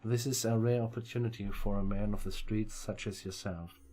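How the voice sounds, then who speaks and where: A man's voice: lowish voice, fairly even intonation, normal speed, dark tone, close to an everyday voice. A man voicing a stern, formal, wealthy older father who gives orders.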